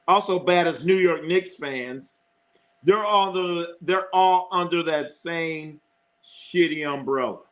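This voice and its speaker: A middle-aged man hosts a live sports stream in a slow, fairly high, slightly bright voice. He reads chat with lots of rambling, cursing, laughter and repeated phrases.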